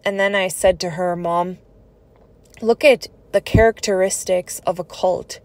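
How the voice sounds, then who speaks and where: A woman's voice: lowish voice, fairly even intonation, a little slow, no echo. A woman telling her own life story in a personal vlog, speaking in an earnest, conversational and reflective way.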